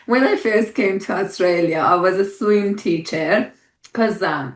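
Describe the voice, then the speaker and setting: Slow-talking woman host, roomy sound. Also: on the low side. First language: not English. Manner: slow, warm encouragement, laughs readily. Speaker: podcast host. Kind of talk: casual interview chat. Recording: roomy echo.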